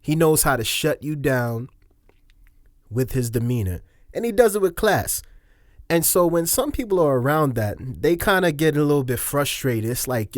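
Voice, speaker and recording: A man's voice: on the high side, expressive, normal speed, no room sound, clean studio sound. A man giving casual video commentary, chatty, laughing often, with slangy asides.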